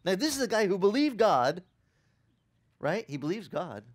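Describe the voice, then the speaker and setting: A middle-aged man preaching a sermon as pastor, telling the story with animated acted-out quotes and laughter. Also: sits high, moderate pace.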